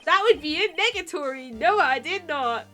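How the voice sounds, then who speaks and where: A woman's voice: high voice, animated, moderate pace, a bit bright, faint music behind, pitched above the performer's own voice. A woman voicing a pompous, posh, wealthy male company president in a video game, speaking in flowery, self-important phrases.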